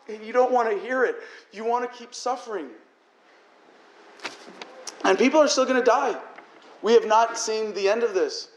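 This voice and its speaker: A man's voice: very high-pitched, normal speed, pauses often, a little hiss or hum. A man giving an emotional, profane political speech to a crowd, his voice cracking toward tears as he rants. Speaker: political speaker. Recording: echoey hall.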